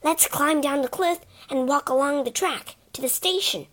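A woman's voice: sits high, moderate pace, fairly bright tone, pitched above the performer's own voice. A woman voicing a bold, teasing boy who gives eager, bossy orders.

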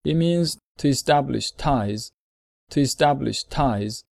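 A man voicing a gentle, lonely male fox in a storybook reading, earnest and measured, explaining things slowly. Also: mid-range voice, gravelly, dry recording, clean studio sound.

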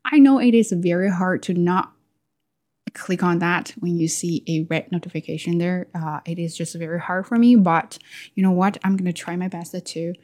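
A woman's voice: fairly low pitch, moderate pace. A woman talking through her thoughts in a candid, self-questioning casual monologue. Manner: candid, self-questioning, with lively quoted asides. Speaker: vlogger.

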